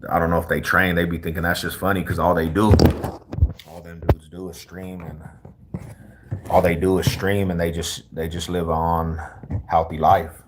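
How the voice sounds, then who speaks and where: A man's voice: sits low, flat delivery, moderate pace, background noise. A young man from Colorado chatting casually with viewers on a livestream, laid-back and full of street slang. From Colorado, USA.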